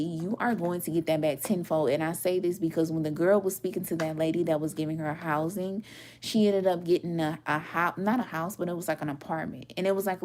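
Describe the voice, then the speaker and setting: Woman, mid-20s, tarot reader, casual storytelling, lively delivery, low-ish voice. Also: slight background noise. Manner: animated, swearing, laughing often, acts out quotes.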